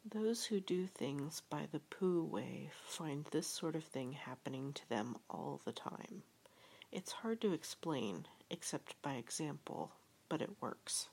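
A woman reading a gentle storybook text aloud in a soft, half-whispered, breathy way. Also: deep voice, expressive, slow. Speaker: reader.

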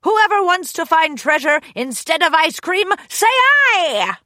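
A woman's voice: very high-pitched, huge pitch swings, slow pace, sharp tone, no echo, studio quality, pitched above the performer's own voice, heavily acted. A woman voicing a bold, swaggering female bird pirate captain who rallies her crew in a storybook reading. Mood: rousing. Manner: rousing, commanding.

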